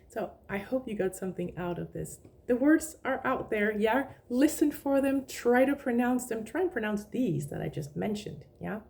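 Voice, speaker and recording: A woman with a Danish accent gives a relaxed language lesson, chatty and friendly with little laughs. Her voice is low and mellow, with a gravelly edge. She slows down to repeat single words again and again so the listener can catch the sound. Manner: repeats words slowly to demonstrate pronunciation.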